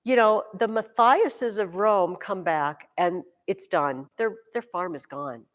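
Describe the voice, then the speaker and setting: A woman teaching a junior high history class, telling stories in an animated way with playful asides. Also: slow pace, long reverb tail. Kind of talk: classroom lecture.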